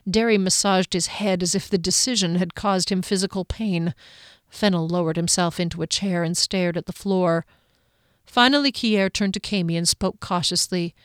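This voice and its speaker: A woman reading a fantasy novel aloud in a measured storytelling voice. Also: fairly low pitch, steady tone, clean tone, no echo, clean studio sound. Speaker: audiobook narrator. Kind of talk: scripted fantasy narration.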